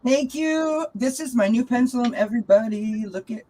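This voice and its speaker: A woman's voice: a little high, steady tone, a little fast, mellow, poor audio. A chatty woman hosting a live tarot reading stream, greeting viewers, laughing often and cooing to her cat. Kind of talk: casual live-stream chat.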